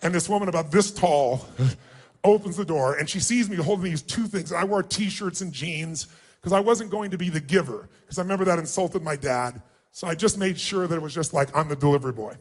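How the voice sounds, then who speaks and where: A man giving a motivational speech as a personal story, emphatic and swinging widely in pitch and loudness. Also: fairly quick. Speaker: motivational speaker.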